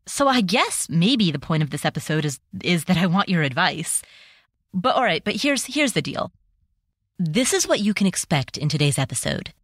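A woman hosting her own podcast, talking on her own in a nervous, quick, self-deprecating way with small jokes. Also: fairly low pitch, no echo, clean studio sound. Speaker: podcast host. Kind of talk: personal solo podcast talk.

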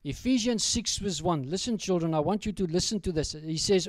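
A preacher tells a story from the pulpit in a slightly high voice and speaks straight to the children in the congregation. The sound is dry and close, with little room echo. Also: male voice, lively intonation, fairly quick, hardly any pauses. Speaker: pastor. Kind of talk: sermon.

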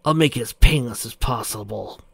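A man doing a calm, cold male killer. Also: mid-range voice, vocal fry, slightly rough, no echo. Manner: matter-of-fact, unhurried.

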